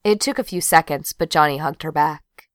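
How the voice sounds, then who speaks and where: A woman narrating an audiobook in an even storytelling read. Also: low-pitched, normal speed, dry recording, clean studio sound. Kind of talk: scripted narration.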